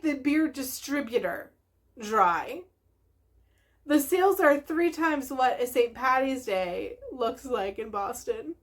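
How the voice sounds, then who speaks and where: A woman hosting a knitting video podcast, chatting casually to camera in a bubbly, gushing way and laughing often. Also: sits high.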